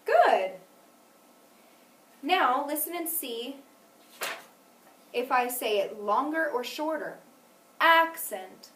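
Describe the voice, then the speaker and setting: With a sing-song, bright and higher voice, a female teacher gives a phonics lesson, clear and deliberate, putting stress on every example word. A distant mic in an echoey room captures her, along with a little hiss or hum.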